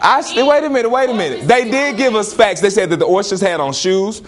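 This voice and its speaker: A man teaching a classroom lesson, questioning students and repeating prompts in an animated way. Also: sits high, a little fast.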